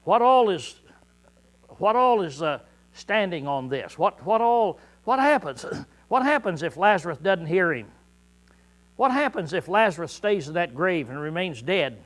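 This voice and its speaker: A male pastor preaching a sermon in a folksy way, clearing his throat often, repeating words and shouting out quoted lines. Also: high-pitched.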